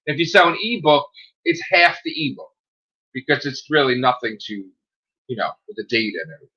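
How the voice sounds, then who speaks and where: A man's voice: on the high side, a little fast, slightly rough, muffled recording. A man, a self-published author, chatting casually on a livestream, swearing and acting out what people said. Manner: animated storyteller, swearing, acting out dialogue.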